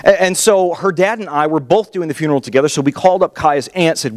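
A man in his thirties preaching a sermon as a pastor, an animated, self-mocking storyteller. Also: high voice, quick pace, few pauses. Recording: long reverb of a large hall.

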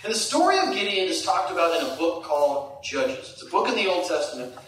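A middle-aged man preaching a sermon, animated, climbing to high emphatic peaks and dropping to hushed asides. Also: fairly quick, a little hiss or hum. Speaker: pastor. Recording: echoey hall, distant mic.

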